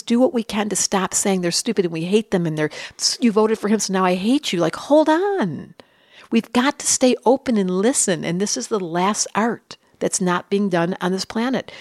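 A woman's voice: mid-range voice, normal speed, dry recording, clean studio sound. An older woman, an astrologer guest on a podcast, talking casually and acting out the people in her stories. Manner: animated storyteller, acts out quotes.

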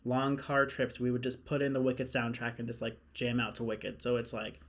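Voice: medium pitch, steady tone, normal speed. A young adult podcast co-host in casual chat, gushing about favourite shows and filling every sentence with "like". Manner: gushing, fills talk with "like".

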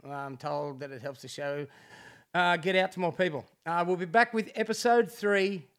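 A man's voice: high voice, moderate pace, a bit bright, clean tone. An Australian man hosting a podcast, chatting casually with lots of "mate" and easy laughter. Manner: laid-back, matey, laughs often, many fillers. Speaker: podcast host. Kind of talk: casual interview chat.

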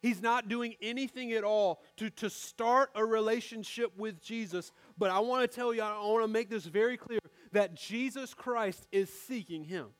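A man's voice: high-pitched, moderate pace, few pauses. A man in his twenties, a pastor, preaching a sermon in a church and talking straight to the congregation in a conversational way.

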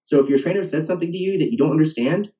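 A man's voice: fairly high pitch, rapid-fire, dark tone. A man, a fitness coach, talking casually on a podcast and ending his points with "right?". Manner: talkative, ends points with "right?". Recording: roomy, distant, dull lo-fi sound.

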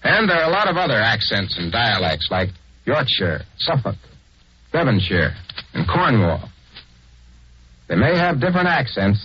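A man narrating a scripted 1940s radio program in a brisk, wry manner, on a dull lo-fi recording. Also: mid-range voice, slight background noise.

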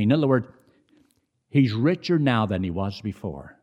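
A middle-aged man preaching a sermon in a conversational way, rising high on emphasis and dropping low between. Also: expressive, moderate pace, darkish tone, dull audio.

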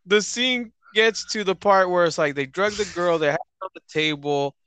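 A man's voice: high voice, moderate pace, bright, forceful tone, clean tone, no room sound. A man who is a guest on a casual movie review chat, talking loosely and swearing. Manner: loose, swearing, with restarts and fillers. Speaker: podcast guest.

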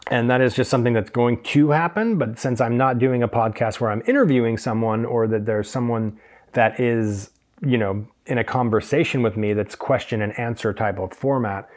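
A man's voice: medium pitch, moderate pace. A man hosting a solo podcast, a hairdresser telling stories from the salon and drifting into tangents with many fillers.

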